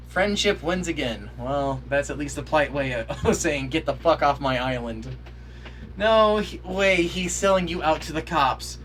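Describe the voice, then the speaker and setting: A man's voice: fairly high pitch, lively intonation, measured pace, a bit bright, slight background noise. A man on a podcast reading out his joking reactions to a show. He is sarcastic, swears freely and breaks into bursts of mock outrage. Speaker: podcast co-host. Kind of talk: reading out humorous episode reactions. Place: podcast studio.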